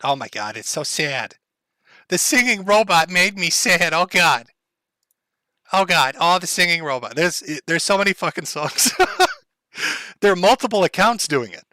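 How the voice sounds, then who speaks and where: Bright-voiced Minnesota man hosting a livestream. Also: high-pitched, animated, moderate pace, no echo. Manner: profane, rambling, chuckling. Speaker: livestream host. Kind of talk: casual livestream chat.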